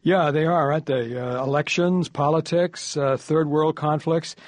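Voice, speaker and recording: A man's voice: fairly high pitch, steady tone, moderate pace, no echo. A man giving radio news analysis in a conversational, thoughtful way, with filler hesitations.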